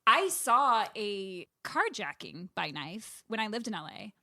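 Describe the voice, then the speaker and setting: Bright-voiced woman hosting a podcast, dry sound. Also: mid-range voice, sing-song, measured pace, no room sound. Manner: reactive, laughs and gasps, curious. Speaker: podcast host. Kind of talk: casual interview chat.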